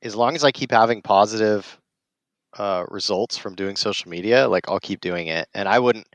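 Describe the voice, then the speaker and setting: A man's voice: lowish voice, moderate pace, no room sound. A man who is a guest on a podcast, telling a story in an easygoing, reflective way. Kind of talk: casual chat.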